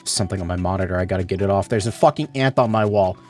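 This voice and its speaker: A man streaming a game, reacting casually and excitably, sometimes swearing. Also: sits low, very fast, soft background music. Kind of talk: casual gameplay commentary.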